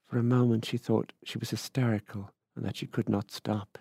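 A man reading a short story aloud in a measured, unhurried way. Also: fairly low pitch, flat delivery, vocal fry, warm tone, slightly rough, dry recording, clean studio sound. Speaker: author reading fiction. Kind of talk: literary reading.

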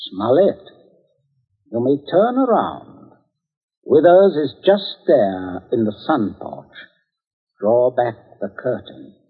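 An actor playing a cold, calculating middle-aged father who holds a gun, in 1940s radio acting with a husky, clipped voice. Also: medium pitch, sing-song, slow, long pauses, heavily acted. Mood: menacing. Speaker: family patriarch. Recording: tinny, echoey 1940s radio broadcast.

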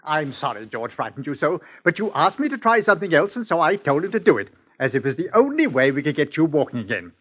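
A steady village doctor figure with a slightly raised, husky voice that rises and falls a lot. He talks in a measured, reasoning way in a 1940s radio drama. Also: on the high side, exaggerated voice. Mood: calm. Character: calm, firm country masseur posing as doctor. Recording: old 1940s radio broadcast.

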